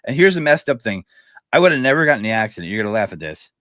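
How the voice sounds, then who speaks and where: A man co-hosts a podcast in casual chat, telling stories in a laid-back way and laughing as he talks. His mid-range voice is fairly bright, very animated, and very fast, recorded clean in a studio with no echo.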